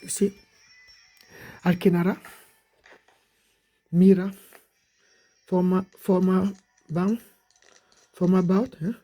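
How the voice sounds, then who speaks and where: A preacher giving a rambling exhortation, repeating "you see" and slowly listing names one after another. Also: medium pitch, flat delivery, dark tone, faint music behind. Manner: repetitive, prodding with "you see"; slow, drawn-out listing of names.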